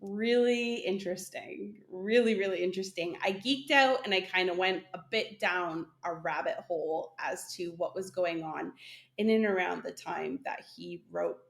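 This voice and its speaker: A woman's voice: fairly low pitch, moderate pace, vocal fry. A woman co-hosting a podcast in a casual chat, talking loosely with many fillers and frequent laughs. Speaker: podcast co-host.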